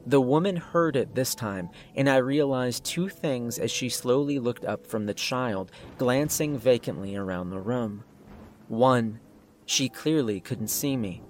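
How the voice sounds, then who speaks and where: A man narrating a horror story in a steady, suspenseful scripted style. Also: medium pitch, measured pace, slight background noise.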